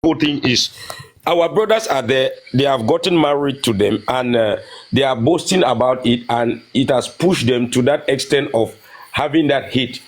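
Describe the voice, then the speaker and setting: A man's voice: medium pitch, normal speed. A man lecturing emphatically in a live group call, repeating his points. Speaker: caller in an online group talk. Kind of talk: impassioned lecture.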